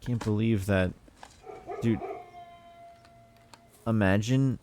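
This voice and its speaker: A man's voice: on the low side, very slow, background noise. A man streaming a puzzle game, chatting in a laid-back, rambling, self-mocking way. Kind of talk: casual gameplay commentary.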